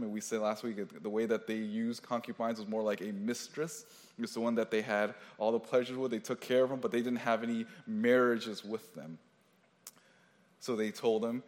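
Man preaching in a reverberant hall. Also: fairly low pitch. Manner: conversational preaching with frequent restarts and asides. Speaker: pastor. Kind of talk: sermon. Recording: long reverb of a large hall.

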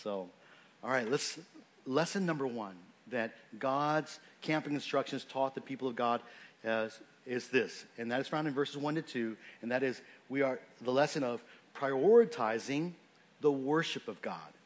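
A man's voice: mid-range voice, moderate pace. A man giving a sermon in a conversational, unscripted way, with frequent fillers and restarts as he explains a scripture passage. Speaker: pastor.

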